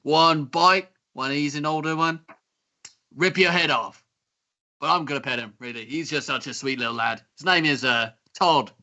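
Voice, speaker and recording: A man's voice: fairly high pitch, normal speed, pushed and bright, slight background noise. A man voicing a chatty male elf pet shop owner with an Australian accent and rambling sales patter, on dull lo-fi audio. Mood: chummy.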